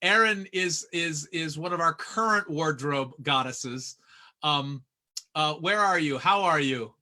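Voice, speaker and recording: A man hosting a casual video-call reunion, joking and stammering with quick laughs. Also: a little high, bright, forceful tone. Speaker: host.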